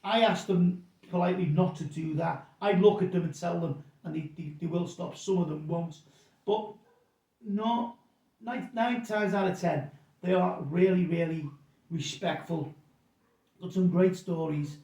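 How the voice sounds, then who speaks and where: A man's voice: high-pitched, measured pace, dark tone. A middle-aged man, guest in a casual interview, telling rambling anecdotes and repeating his words. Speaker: pub landlord guest. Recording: roomy sound from a distance.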